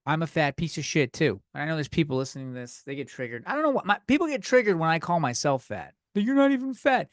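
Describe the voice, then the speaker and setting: A man's voice: on the high side, lively intonation, fast talker, hardly any pauses, dry recording, studio quality. Loose, swearing young man ranting. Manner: profane, loose and slightly tipsy. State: out of breath. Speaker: podcast host. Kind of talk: rambling comedic rant.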